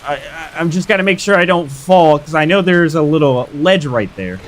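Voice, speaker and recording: A man's voice: on the high side, normal speed, a little hiss or hum. A young man streaming a game live, hyping up his fights and chatting casually with viewers. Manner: excitable, hyped shouts while fighting.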